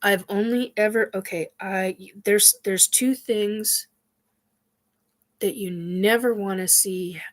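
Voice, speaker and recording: A woman hosting a casual spiritual chat, talking in a halting way with many fillers and sighs, her nose stuffed up from crying. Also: mid-range voice, fairly even intonation. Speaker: host.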